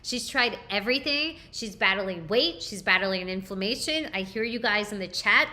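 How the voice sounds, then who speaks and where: A woman's voice: medium pitch, lively intonation, moderate pace, few pauses, sharp tone. A woman hosting a live nutrition training, coaching emphatically with rhetorical questions and frequent check-ins. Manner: emphatic, asks rhetorical questions and tags lines with "okay?".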